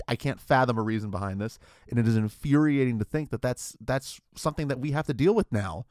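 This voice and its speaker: A man hosting a podcast, delivering a rambling, mock-serious absurdist comedy monologue in a deadpan way. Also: mid-range voice, brisk, hardly any pauses, dry recording, clean studio sound. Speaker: podcast host.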